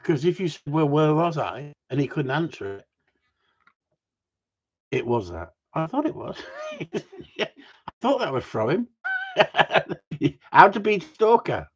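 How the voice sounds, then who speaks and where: A man with a husky, slightly high voice that swings up and down as he jokes. He talks in crude, swearing banter, teasing his friends and laughing a lot. The sound is dull and lo-fi. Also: sing-song, measured pace, long pauses. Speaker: host of a gundog group chat.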